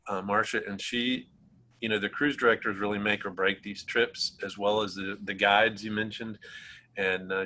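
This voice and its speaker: A man hosting a casual virtual travel presentation over a video call, friendly and relaxed with easy laughs. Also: fairly low pitch, slight background noise, poor audio. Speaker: travel agency host.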